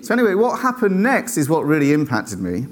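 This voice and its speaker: A man tells a faith story to an audience, animated and acting out the voices of the people in it. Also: fairly high pitch, a little fast. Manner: animated, acts out quoted voices, checks in with "right?".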